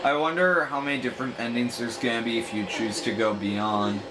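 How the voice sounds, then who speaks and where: A man's voice: medium pitch, steady tone, brisk, background noise. A man hosting a gaming channel, giving casual, joking commentary in an offhand way while he plays. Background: game music.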